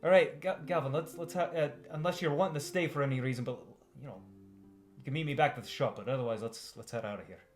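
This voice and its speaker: A man's voice: medium pitch, fast, faint music behind, lightly acted. A man voicing a hearty middle-aged male customer, effusive and blustery. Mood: protective.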